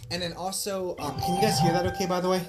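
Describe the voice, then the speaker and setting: A man's voice: sits high, little pitch movement, fast talker. Rambling man, music underneath. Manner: rambling, full of fillers and self-corrections. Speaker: psychic medium. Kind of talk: livestream reading, casual chat. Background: background music.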